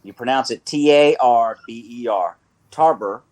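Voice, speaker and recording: With a North Carolina accent, a man hosts a sports radio show at a moderate pace, his mid-range voice slightly dark. His talk wanders playfully, and he keeps correcting himself mid-stream.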